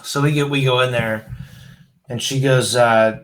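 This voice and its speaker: A man's voice: medium pitch, steady tone, a little slow, a bit bright, low-quality recording. A man telling a profane bar story in casual podcast chat, acting out the voices of the people in it. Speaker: podcast host.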